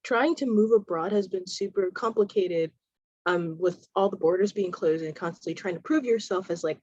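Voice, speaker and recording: A woman's voice: medium pitch, moderate pace, dry recording. Chatty American woman on a video call. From United States. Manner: animated, chatty with fillers. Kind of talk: casual chat. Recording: dull lo-fi video call audio.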